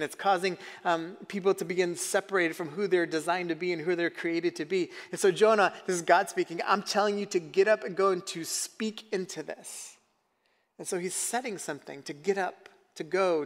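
A man's voice: high-pitched, in a large hall. A man preaching a sermon in a conversational way, often asking the audience questions. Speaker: pastor.

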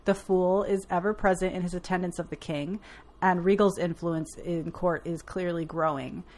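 A woman summarizes a novel's chapter in relaxed podcast chat. She drops dry, joking asides as she goes. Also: on the low side, moderate pace. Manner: recaps plot with wry asides. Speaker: podcast host. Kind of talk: casual book-club chat.

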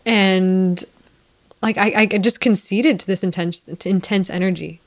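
A woman's voice: medium pitch, fairly even intonation, measured pace. A woman co-hosting a podcast, telling a personal story in a casual, candid way with some casual swearing.

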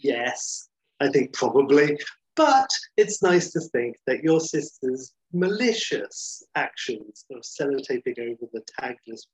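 A man's voice: mid-range voice, husky, low-quality recording. A man on a podcast in joking, casual chat, often putting on silly voices. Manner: jokey, breaks into silly put-on voices.

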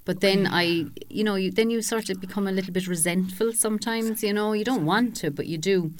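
A woman hosting a local radio interview, friendly and conversational. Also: fairly low pitch. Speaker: radio host.

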